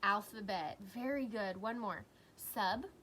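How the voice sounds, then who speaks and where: A woman teacher records a lesson for young children, speaking slowly with a lively, rising and falling voice. She encourages warmly and sounds out each word with care. Faint noise sits behind her. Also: fairly high pitch. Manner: slow, encouraging, clearly sounding out words.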